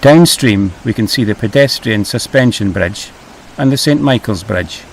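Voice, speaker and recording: A man's voice: on the low side, lively intonation, normal speed, vocal fry, slight background noise. A middle-aged man hosting a travel vlog, easygoing and a little hesitant, over faint music. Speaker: vlog host.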